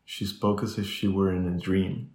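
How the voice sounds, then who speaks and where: A man with a deep voice reads a classic children's novel aloud in measured, even storytelling. The recording carries a roomy echo. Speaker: audiobook reader. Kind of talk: scripted narration.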